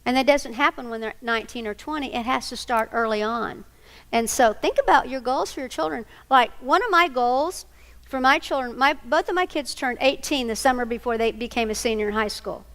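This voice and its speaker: A woman's voice: fairly high pitch, fairly quick. A middle-aged woman telling a family story to an audience, acting out the voices of the people in it. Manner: animated storyteller, acts out quoted voices. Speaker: speaker on single parenting. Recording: long hall reverb.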